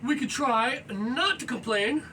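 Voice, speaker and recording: A man talking casually and loudly while stretching at home, energetic and rambling, with many "you know"s as he moves around. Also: very high voice, a little slow. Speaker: fitness vlogger. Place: indoors at home, low ceiling. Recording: voice far from the mic with faint noise.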